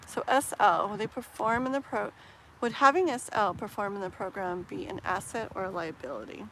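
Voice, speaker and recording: A woman's voice: mid-range voice, slight background noise, low-quality recording. Chatty woman doing live tarot. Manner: casual, filler-heavy, with soft laughs; slows down and muses while shuffling. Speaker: tarot reader. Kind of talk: live-stream tarot reading.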